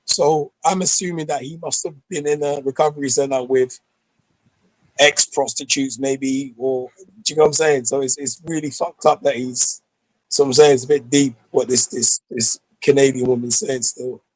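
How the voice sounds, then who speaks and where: A man's voice: mid-range voice, fairly even intonation, moderate pace, a little mellow, dry recording, rough recording. A man in a casual debate, thinking aloud and stumbling over his words. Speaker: podcast co-host reacting.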